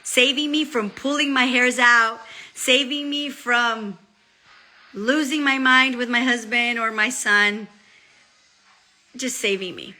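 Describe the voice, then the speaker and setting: A bright, clear-toned woman in her thirties chatting straight to her viewers. She talks in a casual, animated way and jumps into little acted-out quotes. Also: a little high, takes it slowly, long pauses. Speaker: vlogger. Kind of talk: casual chat to camera.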